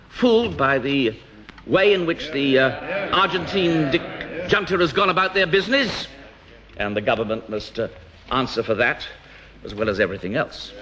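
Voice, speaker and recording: A man speaking in a parliamentary debate as an opposition politician, rhetorical and emphatic, with pauses and restarts. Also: mid-range voice. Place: House of Commons debating chamber. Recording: dull archive parliamentary broadcast.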